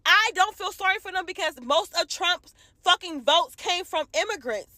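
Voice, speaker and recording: Woman, furious profane rant to camera, high-pitched voice. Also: expressive, moderate pace, sharp tone, no echo. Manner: heated, profane, repetitive. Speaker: commentator ranting to camera.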